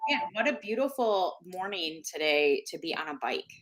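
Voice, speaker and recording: A woman co-hosting a casual live-stream chat, chatty and thinking out loud. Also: fairly low pitch, animated, normal speed. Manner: chatty, searches for words aloud, uses fillers. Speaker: co-host.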